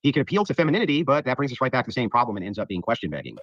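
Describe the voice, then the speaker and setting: A man fires off a combative debate opening statement at a very rapid clip, his voice low and husky. The sound is dry and lo-fi, muffled like a replayed clip. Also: big pitch swings, fairly bright tone, no room sound. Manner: combative, dismissive of his opponent. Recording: dull lo-fi clip audio.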